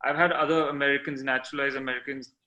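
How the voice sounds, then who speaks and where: A young man from India, a guest on a podcast, speaking in casual chat. He talks in a reflective, measured way, with hesitant pauses. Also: mid-range voice, flat delivery, bright, forceful tone, muffled recording. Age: young adult.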